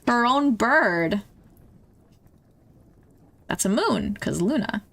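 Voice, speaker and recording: A woman's voice: fairly high pitch, expressive, extremely slow, gravelly, fairly bright tone. A young woman streaming, chatting casually and emotionally as she reacts to music videos, laughing and gasping along the way.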